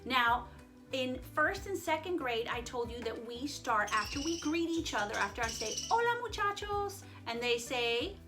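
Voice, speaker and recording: A woman teaching Spanish to young children in a friendly online lesson, playful and chatty, joking and mixing Spanish words into her English. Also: high-pitched.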